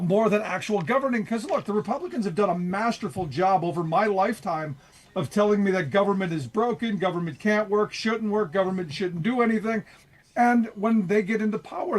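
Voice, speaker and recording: High-voiced sarcastic male radio host. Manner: sarcastic, passionate political commentary. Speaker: radio talk show host guest. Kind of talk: casual talk radio.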